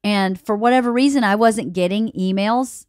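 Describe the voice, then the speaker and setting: A woman's voice: medium pitch, normal speed, a little mellow, no echo. Chatty woman podcast host, dry close sound. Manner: chatty, exasperated storytelling. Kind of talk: casual chat.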